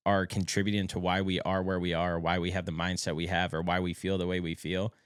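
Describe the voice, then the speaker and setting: A man's voice: low-pitched, little pitch movement, a little fast, clear, resonant tone, no room sound, studio quality. A man co-hosting a podcast, speaking with motivational passion in casual chat and swearing casually. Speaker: podcast co-host.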